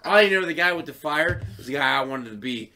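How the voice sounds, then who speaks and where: Man, podcast co-host, casual chat, profane, animated, bright tone. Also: a little high, fast, slight background noise. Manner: profane, laughing, acts out voices.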